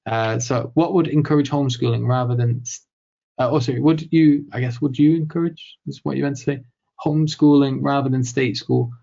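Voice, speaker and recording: A man's voice: medium pitch, fairly even intonation, a little fast, vocal fry, warm tone, lo-fi sound. A man hosting a live question-and-answer talk, thinking aloud with fillers and restarts and acting out quoted dialogue. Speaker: host answering audience questions.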